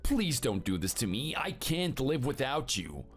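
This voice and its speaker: A woman's voice: extremely low pitch, very animated, a little slow, slightly rough, soft background music, pitched below the performer's own voice, heavily acted. A woman voicing a clingy, needy adult son who pleads and whines. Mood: pleading. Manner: pleading, whiny.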